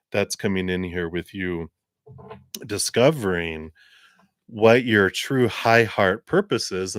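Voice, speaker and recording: A man giving live-streamed tarot readings in a gentle, encouraging way, rambling a little with fillers. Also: lowish voice, dry recording, clean studio sound. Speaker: tarot reader.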